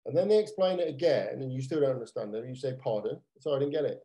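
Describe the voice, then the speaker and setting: A man's voice: medium pitch, expressive, very fast, dark tone, low-quality recording. A British man co-hosting a podcast, chatting casually and rambling with lots of restarts. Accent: British English. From Britain. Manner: rambling, frequent restarts and fillers. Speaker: podcast co-host. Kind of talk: casual chat.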